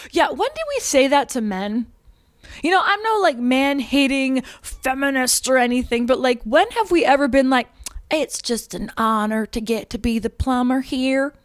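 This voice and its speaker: A woman's voice: high-pitched, no echo, clean studio sound. A woman in her thirties, from Canada, delivering a casual opinion monologue to camera, emphatic and indignant, laughing often. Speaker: vlogger.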